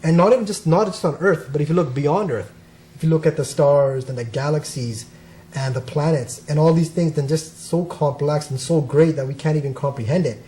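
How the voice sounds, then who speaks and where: A man with a somewhat high voice gives a relaxed spiritual talk. He is earnest and tells stories, often checking in with his listener. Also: brisk, a little hiss or hum. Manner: earnest, uses "right?" often. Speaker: speaker on spirituality. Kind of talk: casual spiritual talk with storytelling.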